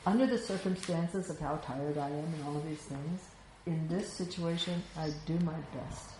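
Woman, spiritual teacher, low pitch, echoey room, reflective conversational talk. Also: moderate pace, mellow. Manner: reflective, conversational, frequent "you know". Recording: echoey room with faint ambient noise.

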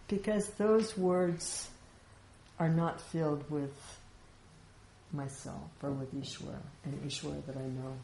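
A woman's voice: fairly low pitch, takes it slowly, warm tone, a little hiss or hum. Woman teaching in an echoey room. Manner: conversational, rhetorical questions, frequent laughs. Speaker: spiritual teacher. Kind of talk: informal spiritual teaching talk. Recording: echoey room with faint ambience.

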